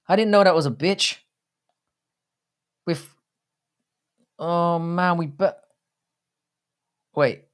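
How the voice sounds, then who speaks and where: A man in his thirties hosting a livestream watchalong, talking to chat in a blunt, profane, rambling way. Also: fairly high pitch. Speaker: livestream host. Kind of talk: casual livestream watchalong commentary.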